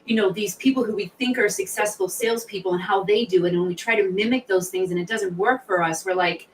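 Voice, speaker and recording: Animated middle-aged woman telling a story. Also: mid-range voice, fast talker, distant mic, a little hiss or hum, rough recording. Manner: lively, animated storyteller acting out quotes. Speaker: guest, sales author and founder. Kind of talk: storytelling in a podcast interview.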